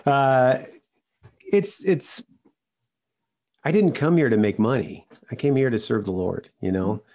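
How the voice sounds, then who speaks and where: An older man telling a personal story in an interview, earnest and halting, often restarting his sentences. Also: mid-range voice, animated, darkish tone. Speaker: regular podcast host, interviewed guest.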